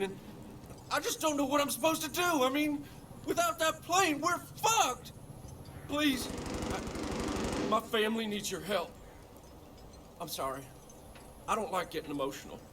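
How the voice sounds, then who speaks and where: A man's voice: high voice, distant mic, noisy background. An actor playing a desperate pilot and expecting father in a video game, pleading and swearing.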